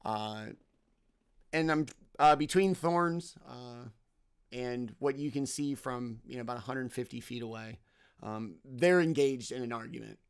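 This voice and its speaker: A man narrating a tabletop game as game master, halting and full of ums and uhs. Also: medium pitch, clear, resonant tone.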